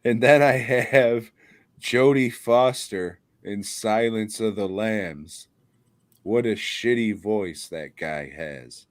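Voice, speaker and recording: A man's voice: on the low side, slow, no echo, studio quality. A man co-hosting a podcast, ranting bluntly with lots of swearing and laughter. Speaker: podcast co-host. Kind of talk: casual podcast chat.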